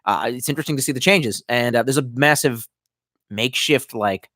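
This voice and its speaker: A young man with a mid-range, somewhat bright voice talks a little fast on a live stream, reading comments and rambling with heavy swearing while a bit drunk on wine. It's a dry, clean studio recording.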